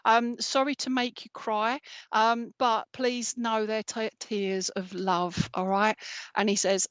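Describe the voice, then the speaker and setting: A woman working as a psychic medium, giving a gentle, reassuring live reading and often checking in with "okay?". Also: a little high, level tone, takes it slowly, smooth, no echo, muffled recording.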